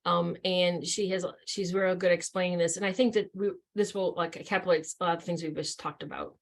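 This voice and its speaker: A woman's voice: fairly low pitch, fairly even intonation, brisk, vocal fry. Woman trainer talking casually. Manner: conversational, lots of fillers and restarts. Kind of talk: presenting a training session.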